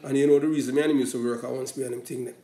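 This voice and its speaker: A Jamaican man rambles through a casual opinion talk, drifting between patois and standard English. His voice is mellow and dark, at a middling pitch. The room around him rings with echo. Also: fairly even intonation, rapid-fire. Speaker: commentator.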